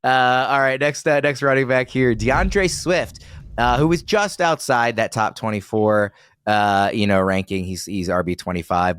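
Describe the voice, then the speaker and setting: Smooth-voiced American man hosting a podcast. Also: lowish voice, no room sound, studio quality. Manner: moderating, filler-heavy. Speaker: podcast host. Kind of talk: casual podcast chat.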